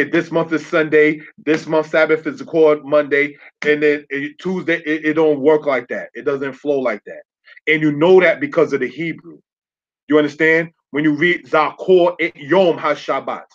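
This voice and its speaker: Man, congregation teacher, sermon with slides, fairly high voice, repeats points and checks in with listeners, dull lo-fi recording. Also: fairly bright tone. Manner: repeats key phrases, checks in with the audience. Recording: dull lo-fi sound.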